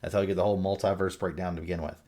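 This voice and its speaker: A man's voice: low voice, steady tone, rapid-fire, mellow. A man giving a casual, rambling film review, swearing freely and trailing off with fillers. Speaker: movie reviewer.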